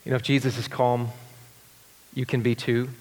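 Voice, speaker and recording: A man preaching a sermon as pastor, swinging between excited rising questions and hushed, tender passages. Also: mid-range voice, normal speed. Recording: long hall reverb.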